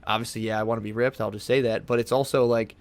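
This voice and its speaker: A man's voice: on the low side, steady tone, fast, no echo. A man talking as a podcast guest in a casual, rambling way, swearing often and calling his host "dude". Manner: rambling, laid-back, swears a lot, says "dude". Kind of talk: casual chat. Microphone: podcast studio microphone.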